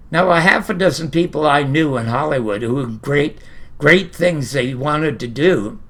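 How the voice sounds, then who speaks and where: A man's voice: on the high side, creaky, a bit bright. An older man from Canada hosting a storytelling monologue to camera, a blunt, opinionated raconteur who swears casually. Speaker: host.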